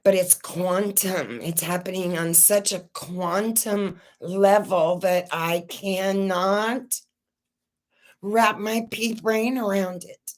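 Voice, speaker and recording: Her voice medium in pitch and steady in tone, a woman vents on her personal channel in a raw, upset way, tearful, profane and full of halting false starts.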